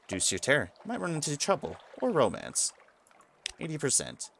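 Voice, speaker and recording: A man's voice: fairly high pitch, wildly swooping pitch, moderate pace, vocal fry, a bit bright, slight background noise. A man streaming a video game, musing aloud about his choices and reading the game's text to himself in a casual way. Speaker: let's play streamer.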